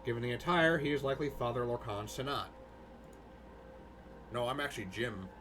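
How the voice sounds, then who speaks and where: A young man giving excitable, jokey let's-play commentary, swearing casually. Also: medium pitch, brisk, noisy background. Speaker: gaming host.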